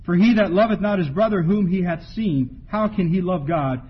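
A man's voice: high voice, moderate pace, husky. A man preaching a sermon, reading Bible verses aloud and repeating key phrases for emphasis. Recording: dull lo-fi sound.

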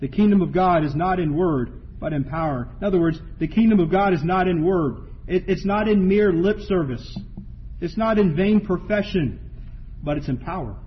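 A man's voice: high voice, moderate pace, breathy edge. A man preaching a sermon, reading Bible verses aloud and repeating key phrases for emphasis. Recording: dull lo-fi sound.

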